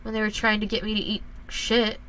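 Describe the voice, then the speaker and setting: A woman voicing a frightened teenage boy who speaks softly and hesitantly, close to tears. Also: mid-range voice, monotone, brisk, natural voice, rough recording. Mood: shaky. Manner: hesitant, shaky, soft.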